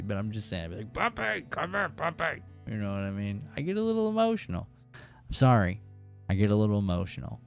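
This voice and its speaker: Rambling chatty man hosting a fishing stream. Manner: rambling, chatty, lots of "you know what I mean"; animated, jumps into high excited bursts. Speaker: host of a fishing live stream. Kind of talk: casual live-stream storytelling.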